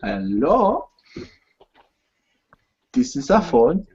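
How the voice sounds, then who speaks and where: A player voicing a scheming creature villain who dodges questions in a gravelly, breathy voice, on a muffled lo-fi recording. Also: big pitch swings, very slow, noisy background. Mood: evasive. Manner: evasive, swooping pitch jumps.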